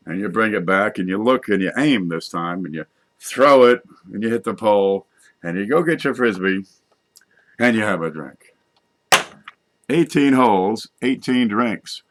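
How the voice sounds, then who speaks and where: A middle-aged man talking in a loose, folksy, joking monologue, wandering from idea to idea and correcting himself as he goes. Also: fairly low pitch. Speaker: vlogger. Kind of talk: rambling comic monologue.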